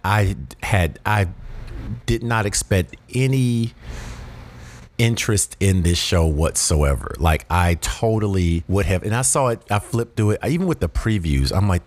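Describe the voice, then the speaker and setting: A man's voice: low voice, lively intonation, a little slow. A man from the South, casually rambling through a show review with lots of asides and fillers. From Southern United States. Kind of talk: casual monologue.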